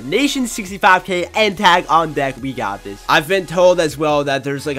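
A young man narrates his own gameplay with hyped energy and frequent loud outbursts. His voice is bright and forceful, and it swings widely in pitch. Faint background music plays under his commentary. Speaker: gaming channel host.

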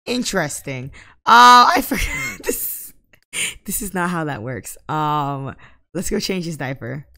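Young female let's-player, lowish bright voice, chatty and dramatic about her game characters. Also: animated, measured pace. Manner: chatty, exclaiming, mock-exasperated at her characters. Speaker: gameplay commentator. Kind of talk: casual let's-play commentary.

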